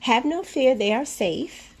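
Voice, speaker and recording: Woman, casual unboxing vlog, slow unhurried speech, breathy gushing exclamations, home room with clear background noise. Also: high voice, animated, darkish tone, rough recording. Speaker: vlogger.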